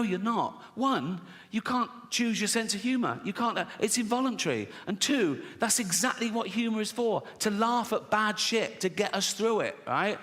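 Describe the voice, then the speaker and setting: An English man telling profane, chatty stories as a stand-up comedian, slipping into quick voices for the people in his tales. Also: sits high, sharp tone. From England. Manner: profane, conversational storytelling with sudden acted-out voices. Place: large theatre stage before a live audience. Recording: live theatre recording, roomy reverb, audience noise.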